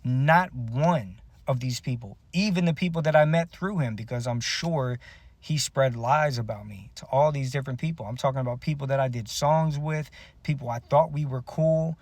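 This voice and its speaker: A man's voice: mid-range voice, moderate pace, darkish tone, dry recording. A man and musician telling a personal story to camera in a blunt, bitter, profane way. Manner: bitter, aggrieved retelling.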